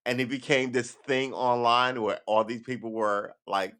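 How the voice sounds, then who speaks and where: A man's voice: medium pitch, steady tone, moderate pace, a bit bright, smooth. A man talking casually on a livestream, rambling and profane, with sarcastic asides. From United States. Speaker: livestream host.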